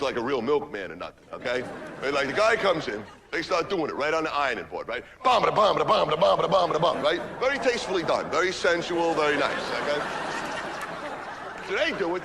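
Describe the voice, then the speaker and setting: A man's voice: fairly high pitch, background noise. An actor playing a crude, stoned party guy who rambles through a dirty story, tagging lines with "man" and "right". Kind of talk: stage monologue.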